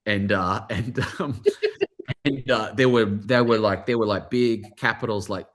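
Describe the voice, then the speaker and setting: A man with an Australian accent, an author speaking warmly and excitedly in a live online interview, with many restarts and fillers. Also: fairly low pitch, unhurried. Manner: animated, effusive, lots of restarts and fillers. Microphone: video call.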